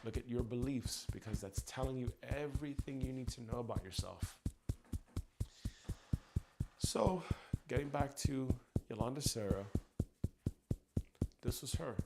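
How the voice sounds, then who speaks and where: A man, a tapping coach, talking through his anger in a raw, profane personal monologue that swings from ranting to quiet reflection. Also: mid-range voice, unhurried, creaky, pauses often, loud music behind the voice.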